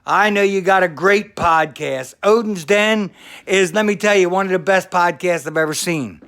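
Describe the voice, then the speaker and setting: A former pro wrestler, a man, giving a loud congratulatory shout-out in a hollering, sing-song manner. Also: sits high, normal speed, clear, resonant tone. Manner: hollering, sing-song, calls everyone brother. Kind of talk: loud congratulatory video message.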